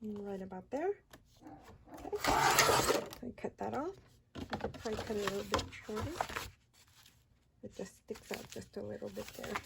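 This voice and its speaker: A woman with a mid-range, creaky voice talks at a normal speed and pauses often. She's hosting a casual hands-on paper-craft session, chatting and counting as she works, recorded with background noise and handling clicks.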